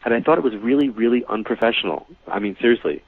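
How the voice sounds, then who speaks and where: A man's voice: medium pitch, fast, slightly rough, dry recording. A man in his forties from New York, a psychic medium telling stories as a guest and acting out the dialogue. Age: 40s. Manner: animated storyteller who acts out quoted dialogue. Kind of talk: casual storytelling interview. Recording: dry, tinny phone-like line.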